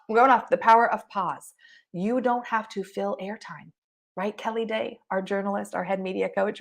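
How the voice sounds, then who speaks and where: A woman in her thirties leading a live online coaching session, energetic and excitable, often checking in with "right?". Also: medium pitch. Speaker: business and video coach.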